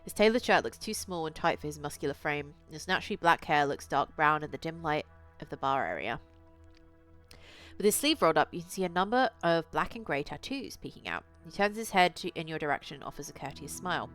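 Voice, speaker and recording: A woman's voice: low voice, expressive, brisk, fairly bright tone, soft background music. A woman streamer reading a visual novel aloud and chatting casually with her chat, swearing now and then. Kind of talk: casual live-stream game narration.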